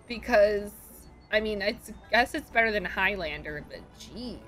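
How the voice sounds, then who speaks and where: A woman's voice: medium pitch, measured pace, fairly bright tone, faint music behind. A young adult woman streaming a game, joking playfully and talking to her chat. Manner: playful, jokey, talks to chat. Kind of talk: casual gameplay commentary.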